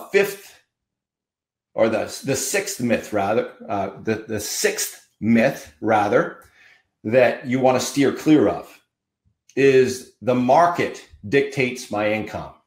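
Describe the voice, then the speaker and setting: A man's voice: fairly low pitch, darkish tone, roomy sound. A man hosting a podcast, giving an emphatic, fired-up motivational monologue with punchy repetition. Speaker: podcast host.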